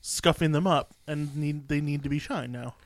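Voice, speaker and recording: A man's voice: a little high, moderate pace, a little hiss or hum. Sarcastic man in his thirties. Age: 30s. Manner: dry, sarcastic jokes. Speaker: podcast co-host. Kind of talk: casual chat.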